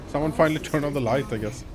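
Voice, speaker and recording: A man hosting a let's play, chatting casually with friends, laughing often and reacting loudly to the action on screen. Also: on the high side, fast talker, noisy background. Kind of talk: casual gaming chat.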